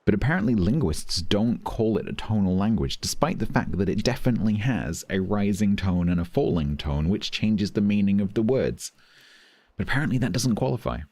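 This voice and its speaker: A man's voice: on the low side, animated, fairly quick, a little mellow, dry recording. A middle-aged British man with a British English accent chatting casually on a live stream, amused and talkative, thanking viewers between stories. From Britain.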